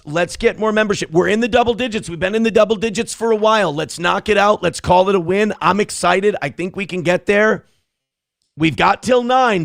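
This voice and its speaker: A young man hosting a live show, reading donation messages and ranting with heavy swearing in fast, heated bursts. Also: high-pitched, creaky, no room sound, clean studio sound. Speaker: livestream show host. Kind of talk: profane political rant and chat reading.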